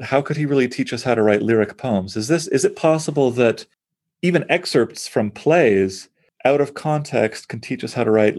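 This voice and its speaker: A man's voice: medium pitch, a little mellow. A man, a poet, talking through poems in an enthusiastic, thinking-aloud conversational way. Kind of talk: conversational close reading of poetry.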